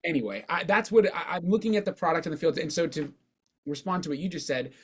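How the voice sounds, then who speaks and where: A man with a hoarse voice, co-hosting a podcast and giving his opinions on baseball in casual chat, rambling and restarting his sentences. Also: a little high, lively intonation, fast talker, a bit bright. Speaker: podcast co-host.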